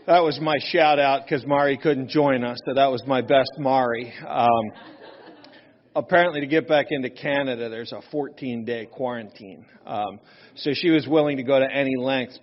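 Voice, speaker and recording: A man's voice: mid-range voice, long reverb tail. Chatty man speaking at a workshop. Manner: chatty and self-deprecating, with frequent "right?" asides. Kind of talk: casual workshop talk to an audience. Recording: slightly dull, lo-fi recording.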